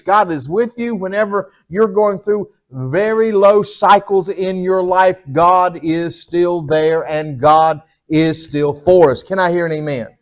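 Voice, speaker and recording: Pastor preaching a folksy sermon. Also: male voice. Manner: folksy, calls out to the congregation, drops to a low hum and swells to loud exhortation.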